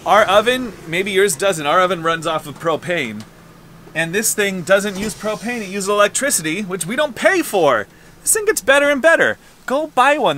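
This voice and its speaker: A man's voice: sits high, bright, forceful tone, slight background noise. A man in his thirties vlogging casually to a handheld camera from his car, rambling and joking. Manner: rambling, playful, jokey.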